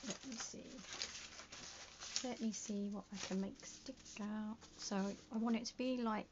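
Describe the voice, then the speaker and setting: A woman's voice: mid-range voice, steady tone, measured pace, noisy background. A woman chatting casually to herself while making a junk journal, muttering and often slipping into a whisper as she works. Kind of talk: casual crafting vlog. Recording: dull lo-fi sound.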